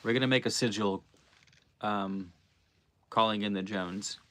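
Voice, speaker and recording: A man's voice: fairly low pitch, fairly even intonation, a little slow, fairly bright tone. A man hosting a casual livestream, musing aloud in a loose, slangy way. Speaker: livestream host.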